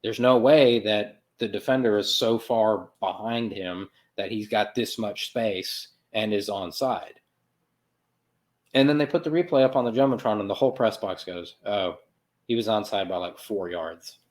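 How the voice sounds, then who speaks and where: A man's voice: lowish voice, normal speed, a little mellow. A man hosting a soccer podcast, recapping a match in a loose, sarcastic monologue with playful sound effects and self-corrections. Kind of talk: casual sports recap monologue.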